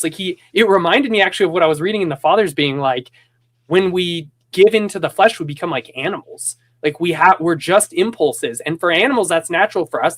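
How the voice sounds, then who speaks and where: A man's voice: high voice, fairly bright tone, slightly rough. A man hosting a casual conversation who tells stories with animation, rambles with restarts, and acts out the voices he quotes. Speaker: podcast host.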